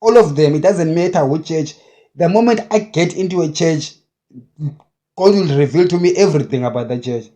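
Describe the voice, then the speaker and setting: A man, a self-described prophet, preaching in a forceful, repetitive way that hammers short phrases again and again. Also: on the high side, moderate pace. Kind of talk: impassioned preaching monologue.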